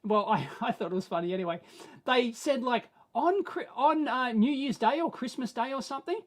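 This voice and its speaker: An Australian man hosting a live stream, answering viewer questions in a rambling, animated way that swings between mumbled asides and excited bursts. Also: very high-pitched, moderate pace. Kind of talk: casual live-stream chat.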